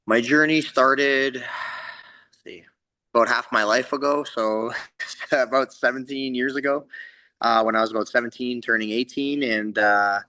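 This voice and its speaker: Man with a bright, dry voice. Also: medium pitch, measured pace, no echo, poor audio. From Canada. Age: 30s. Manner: relaxed, rambling, many fillers. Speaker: MMA fighter, guest. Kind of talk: casual interview answers.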